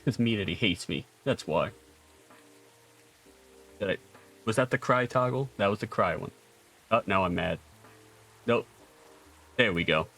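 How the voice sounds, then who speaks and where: Playful, gravelly-voiced male streamer. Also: fairly low pitch, measured pace, long pauses, sharp tone, soft background music. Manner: playful, goofy, laughs often. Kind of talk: casual game-stream commentary.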